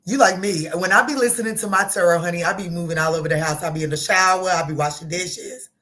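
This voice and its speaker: A woman giving a casual tarot reading, talking in a chatty, animated way, swearing and joking with her viewers. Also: lowish voice, fast. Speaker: tarot reader.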